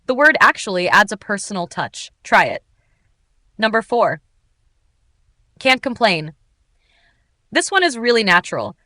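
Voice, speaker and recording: A woman teaching English in an upbeat, clearly articulated, scripted narration. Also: medium pitch, big pitch swings, measured pace, long pauses, bright, forceful tone, no echo.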